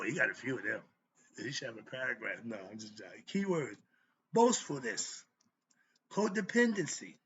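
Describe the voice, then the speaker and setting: Speaking solo in a relaxed, chatty way, this host catches and fixes his own words along the way. His voice is medium in pitch with a sharp tone, captured in muffled lo-fi audio with light background noise.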